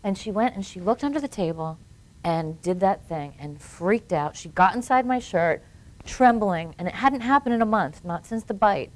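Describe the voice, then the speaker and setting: A woman's voice: mid-range voice, lively intonation, normal speed, darkish tone. A woman guest on a live-streamed interview, telling a personal story in earnest and acting out the voices of people she quotes. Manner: earnest, acts out quoted voices while recounting events. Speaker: guest filmmaker.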